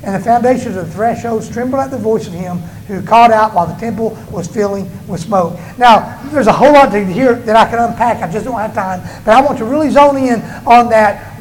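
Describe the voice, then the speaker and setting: In a rough recording with slight background noise, a pastor with a very high voice delivers a church sermon. He preaches emphatically, his voice swelling and dropping and slowing on key words.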